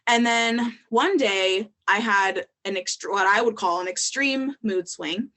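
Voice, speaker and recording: A woman's voice: medium pitch, slow, pushed and bright. A young adult woman, a podcast guest, telling her story in candid casual talk, with frequent ums and likes.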